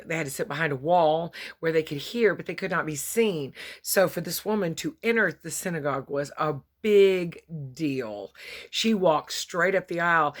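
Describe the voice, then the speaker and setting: A woman delivers a short devotional sermon in an earnest storytelling manner. Her voice is bright and forceful, and she dramatizes the scenes as she tells them. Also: on the low side. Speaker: preacher.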